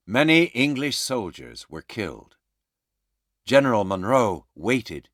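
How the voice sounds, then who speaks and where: Slow, expressive male narrator. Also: medium pitch, no echo, clean studio sound. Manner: slow, clear, expressive reading. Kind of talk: scripted narration for English learners.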